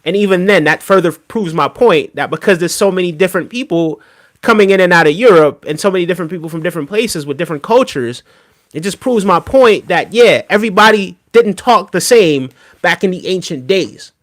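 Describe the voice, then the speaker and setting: A man's voice: high-pitched, animated, fairly quick, a bit bright. A man streaming live, reacting to a video and answering his chat in an emphatic, casual way, often tagging his points with "right?". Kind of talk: casual livestream reaction commentary.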